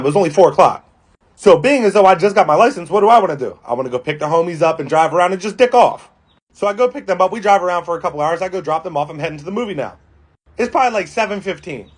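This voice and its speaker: A young man in his twenties rattles off a personal story at a quick clip. His voice is husky and sits a little high for a man. He talks in loose slang and swears often. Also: expressive. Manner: laid-back slangy storytelling with frequent swearing. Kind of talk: casual storytime monologue.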